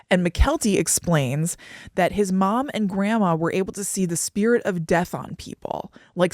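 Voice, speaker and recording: A woman's voice: lowish voice, darkish tone, no echo, clean studio sound. A woman co-hosting a podcast, retelling a TV episode in casual chat and acting out quoted voices as she goes. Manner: chatty, laughing, acts out quoted voices. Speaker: podcast co-host.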